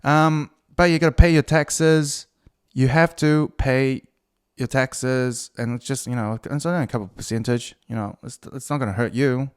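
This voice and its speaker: A man's voice: medium pitch, steady tone, moderate pace, clear, resonant tone, natural voice. A man voicing a swaggering gangster shaking people down for taxes, in an attempted Brooklyn accent. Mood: menacing, jokey. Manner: swaggering, pushy.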